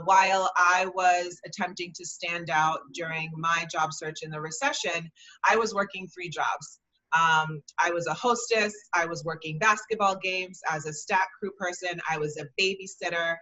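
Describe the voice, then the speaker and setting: Bright-voiced woman giving career advice. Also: on the low side, rough recording. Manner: earnest, encouraging, with frequent "um". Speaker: guest speaker, career advice. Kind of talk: conversational advice.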